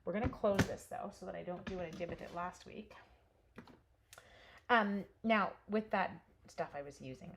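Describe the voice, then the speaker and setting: Her lowish, creaky voice moves at normal speed, pausing often, with slight background noise. During a live card stamping demo, she works while casually chatting with viewers and addressing their comments.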